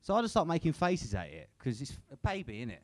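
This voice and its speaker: A man's voice: medium pitch, huge pitch swings, quick pace, no room sound. A young man doing a crude, sweary stand-up set at a comedy club, tagging lines with "innit". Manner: crude, swears a lot, tag questions like "innit".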